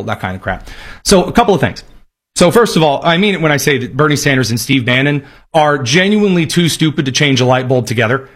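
A man's voice: mid-range voice, expressive, quick pace. A man delivering sarcastic, emphatic political commentary in a ranting style. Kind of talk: opinionated commentary.

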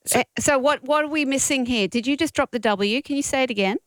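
Woman, radio co-host, blunt and playful, fairly high voice, dry studio. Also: quick pace, a bit bright, no echo. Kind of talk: casual radio banter. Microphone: studio mic.

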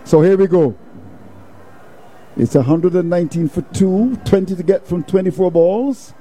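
A man giving ball-by-ball cricket commentary in a steady, folksy way, dropping proverbs between deliveries. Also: high voice, moderate pace, husky.

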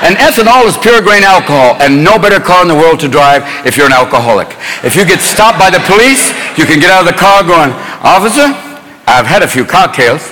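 A man doing manic, profane, rapid-fire stand-up comedy, jumping between voices. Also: high-pitched, animated, in a large hall. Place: live stage before an audience. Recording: loud crowd and noise. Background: loud laughing audience.

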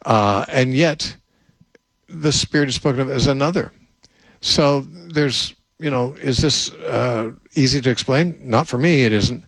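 An older man, a Bible teacher, answering a question in thoughtful unscripted talk with frequent restarts and a slightly husky voice. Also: medium pitch, a little slow, dry recording, rough recording.

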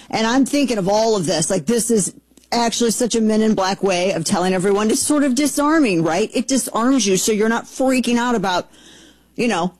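A woman hosting a talk show, chatting in an excitable, sarcastic way and slipping into mock voices. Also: fairly high pitch, dry recording, poor audio. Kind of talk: casual commentary chat.

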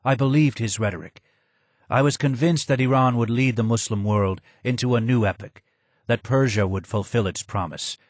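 A ruined older man speaks from the shadows in a low, hoarse voice, as a male reader puts him on. He is slow, subdued and more sad than angry. The sound is dry and close. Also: dry recording, close to an everyday voice. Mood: sad, grim. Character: broken, maimed older man, former royal advisor.

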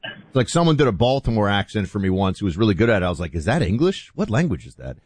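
A man's voice: on the low side, very animated, fast, a little mellow, no room sound. A middle-aged man hosting a talk radio show, speaking loosely with fillers and restarts, with music faint behind him.

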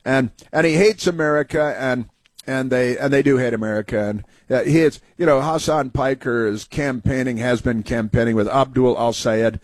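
A man's voice: medium pitch, fairly even intonation, moderate pace, no room sound. A male talk radio host giving scornful, sarcastic political commentary in a rambling way.

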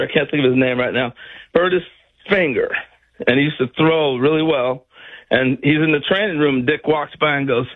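An older man, a former major league player, telling baseball stories on a talk show in a casual, animated way and acting out other people's lines. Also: on the high side, phone-quality sound. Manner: animated storyteller, acts out other people's lines, laughs often.

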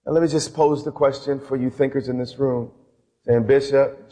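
A man preaching a sermon as a bishop, impassioned, swinging from hushed lines to loud ones. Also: medium pitch, fairly even intonation, normal speed. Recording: hall reverb.

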